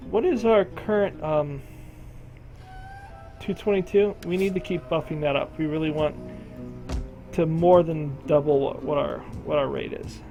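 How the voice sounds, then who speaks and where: A man's voice: fairly high pitch, unhurried, gravelly, pauses often, mellow, faint music behind, poor audio. A man casually commentating a strategy game, thinking aloud and talking to the game's regions as if they were people. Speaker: gameplay commentator.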